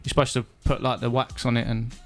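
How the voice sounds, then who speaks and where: A young man chatting as a podcast guest, halting and hesitant, with many restarts. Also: medium pitch, level tone, soft background music. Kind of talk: casual chat.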